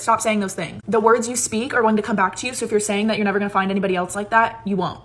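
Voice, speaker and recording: A woman's voice: medium pitch, steady tone. A woman giving sassy, emphatic dating advice in a casual vlog. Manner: sassy, emphatic, quick asides.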